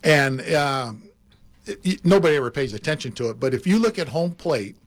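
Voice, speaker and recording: An older man, a former baseball player, telling animated anecdotes in casual chat and laughing often. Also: a little high, moderate pace.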